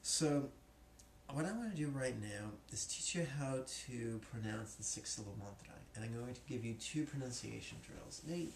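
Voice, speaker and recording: Man, spiritual teacher, casual jokey classroom talk, echoey room, faint hiss. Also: mid-range voice. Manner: joking, slangy and casual.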